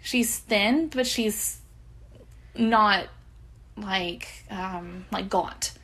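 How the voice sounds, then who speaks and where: A woman's voice: medium pitch, very slow, a bit bright. A young woman with a slight lisp, telling a story in casual, profane podcast chat. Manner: chatty, profane, laughs often. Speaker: podcast co-host.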